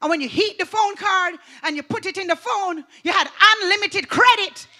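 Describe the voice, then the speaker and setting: High, bright-voiced fervent woman preacher. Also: normal speed. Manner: fervent, preacherly, swings from loud to hushed. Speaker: pastor. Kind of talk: motivational sermon.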